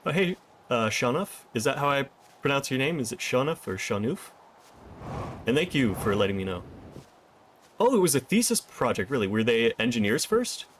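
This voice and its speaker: A man's voice: mid-range voice, sing-song, brisk, background noise. A man streaming a first playthrough of a video game, thinking aloud and chatting with viewers. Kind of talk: casual gameplay commentary.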